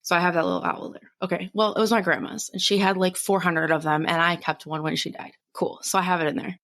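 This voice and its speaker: A young adult woman co-hosting a podcast, telling a story in a casual, animated way and swearing freely. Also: lowish voice, quick pace. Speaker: podcast co-host. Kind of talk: casual chat.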